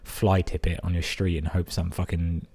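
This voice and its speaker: A man's voice: sits low, flat delivery, normal speed, a little mellow, husky. A man hosting a podcast, reading out listener emails and breaking in with crude, amused asides. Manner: crude, sweary, amused interjections. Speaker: podcast host.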